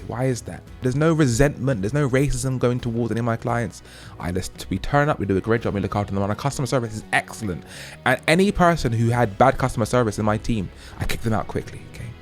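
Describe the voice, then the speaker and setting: Emphatic British man holding forth. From United Kingdom. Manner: emphatic, preachy, repeats "okay?" often; rising to loud high emphasis on key points. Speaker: host. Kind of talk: opinionated monologue.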